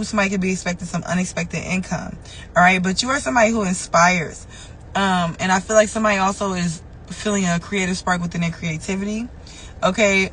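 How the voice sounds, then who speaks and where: A woman's voice: medium pitch, fairly bright tone, a little hiss or hum, rough recording. A woman giving a loose, conversational tarot reading. She curses freely and repeats phrases for emphasis. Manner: loose and conversational, with frequent swearing. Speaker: tarot reader. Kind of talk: casual spiritual tarot reading.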